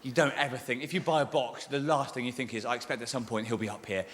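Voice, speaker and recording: An English man in his thirties doing live stand-up, rambling and self-mocking with quick asides and sudden shouts. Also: mid-range voice, steady tone. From England. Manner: fast-talking. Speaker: stand-up comedian. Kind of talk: live stand-up with crowd banter. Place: large theatre with a live audience. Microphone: stage microphone. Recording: roomy live theatre recording with crowd noise. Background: audience laughter and cheering.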